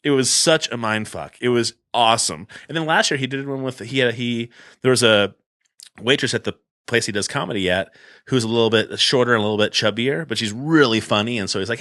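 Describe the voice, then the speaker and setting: A man's voice: mid-range voice, brisk, dry recording, clean studio sound. A middle-aged man, co-hosting a podcast and telling a story animatedly in casual chat. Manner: animated storyteller acting out scenes. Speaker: podcast co-host.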